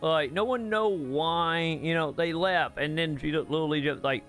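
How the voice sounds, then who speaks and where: A man's voice: on the high side, moderate pace, a bit bright. Male gaming vlogger, casual rambling rant, blunt, faint music underneath. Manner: rambling, full of filler words and restarts; blunt, swears when exasperated. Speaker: gaming channel host. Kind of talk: casual rant about a game's story.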